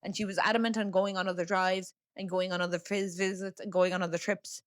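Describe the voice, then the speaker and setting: A woman's voice: mid-range voice, level tone, fast, no echo. Chatty young Irish woman, dry sound. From Ireland. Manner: chatty and frank, with lots of fillers and swearing. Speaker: podcast host. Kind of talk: casual personal storytelling.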